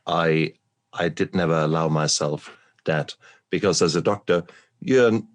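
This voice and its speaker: Doctor hosting a podcast, real deep voice, calm and reflective. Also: male voice, unhurried. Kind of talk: conversational interview.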